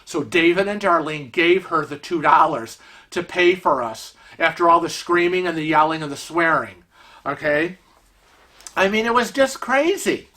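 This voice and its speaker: A middle-aged man casually telling a travel story to camera, animated and acting out the voices of the people in it. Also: on the high side, normal speed. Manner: animated, acts out quoted voices.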